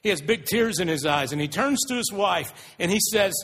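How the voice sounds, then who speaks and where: A man preaching a sermon, retelling stories in an earnest, animated way. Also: high-pitched, a little fast. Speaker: pastor. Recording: long reverb of a large hall.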